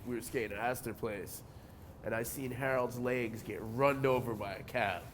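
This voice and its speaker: A man from New in his forties speaks in a mid-pitched, easygoing voice, dropping curses constantly. He perks up when a story gets good. There is a faint hiss behind him. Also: normal speed. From New Jersey. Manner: laid-back, swears a lot, animated when telling stories. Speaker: interviewee, pro skateboarder. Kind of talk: casual interview.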